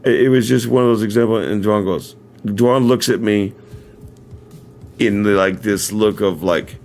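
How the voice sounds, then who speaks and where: A man's voice: fairly low pitch, a little slow, darkish tone, a little hiss or hum. A man hosting a casual livestream, telling a story in a rambling, self-correcting way with frequent chuckles, then speaking earnestly and directly to his viewers. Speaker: livestream host. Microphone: camera mic.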